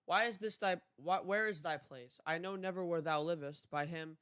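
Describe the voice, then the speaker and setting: A man's voice: on the high side, a bit bright, clear, resonant tone, close to an everyday voice. A young man reading aloud the lines of a courteous young knight in archaic speech, with hesitations. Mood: earnest. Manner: archaic formal speech, read haltingly.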